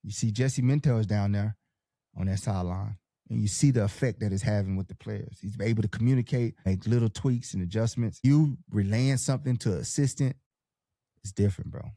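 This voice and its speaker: Fired-up slangy podcast host with a mellow voice. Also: male voice, on the low side, fairly quick, no room sound, clean studio sound. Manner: fired-up, slangy pep-talk delivery. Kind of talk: casual sports podcast chat, reading live comments.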